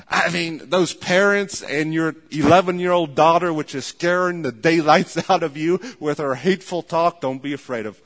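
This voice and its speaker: A man's voice: on the high side, moderate pace, fairly bright tone. Man preaching in a reverberant church. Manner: earnest preaching, repeats phrases, voices imagined people. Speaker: pastor. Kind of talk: sermon. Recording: long hall reverb.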